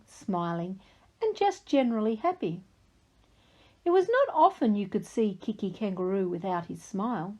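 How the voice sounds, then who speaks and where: A woman reading a children's story aloud, slow, clear and expressive, speaking to young kids. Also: a little high, muffled recording. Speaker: reading teacher.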